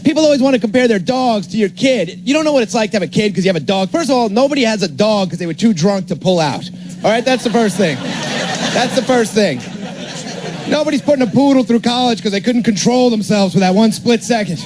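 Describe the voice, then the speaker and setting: A man's voice: high voice, animated, quick pace. A man in his thirties with a New York accent, doing a stand-up set with sarcastic, biting jokes before a laughing club crowd. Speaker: stand-up comedian. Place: comedy club stage with laughing audience. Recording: echoey club with crowd noise.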